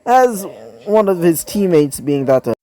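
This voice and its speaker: A man's voice: high-pitched, very animated, a little slow, warm tone. A man improvising a fan-fiction story, rambling with many fillers and self-corrections.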